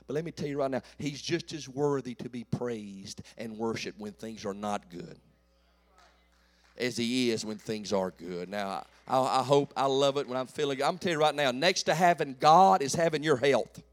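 A pastor in his late forties preaching a folksy call-and-response sermon that builds to shouts. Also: medium pitch, moderate pace. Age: 40s.

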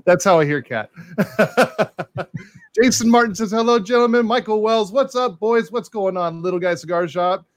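A man's voice: sits high, normal speed, no echo. Chatty guy cohosting a live stream, keeps saying dude and man, dry close sound. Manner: excitable, chatty, says "dude" and "man" a lot. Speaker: co-host reading live comments. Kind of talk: casual live-stream chat.

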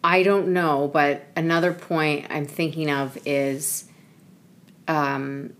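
A woman with a low voice co-hosts a podcast. She talks in a relaxed, thoughtful way and muses out loud. She sounds like she is in her thirties. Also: slow. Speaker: podcast co-host. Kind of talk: casual chat.

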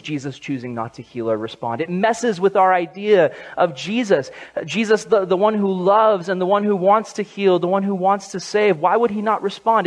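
A young man preaching to a group in a chatty, conversational way. He often restarts his sentences and acts out the voices of people he quotes. His voice sits a little on the higher side for a man. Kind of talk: sermon.

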